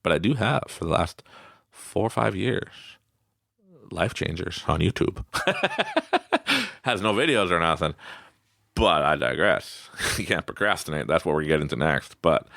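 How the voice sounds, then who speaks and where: A man hosting a podcast, giving a casual motivational talk in a small studio, laughing often and acting out quotes in animated voices. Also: low voice, unhurried, vocal fry, long pauses, no echo. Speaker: podcast host.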